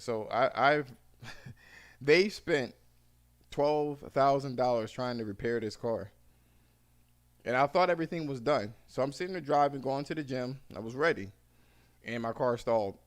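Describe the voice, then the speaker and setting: A man hosting a podcast, telling animated stories in casual, profane chat. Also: mid-range voice. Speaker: podcast host.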